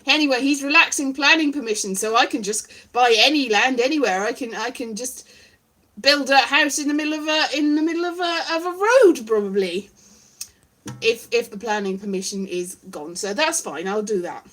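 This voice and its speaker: Woman vlogger, high bright voice, wry rambling monologue. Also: normal speed. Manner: wry, self-deprecating, meandering. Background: strummed guitar.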